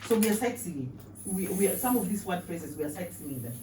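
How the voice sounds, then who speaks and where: A woman's voice: fairly low pitch, animated, quick pace, reverberant. Kenyan vocal coach lady, patient, sings bits, kinda far from the mic, faint room hum. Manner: explains patiently, sings solfege examples. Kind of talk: voice lesson. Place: indoor room.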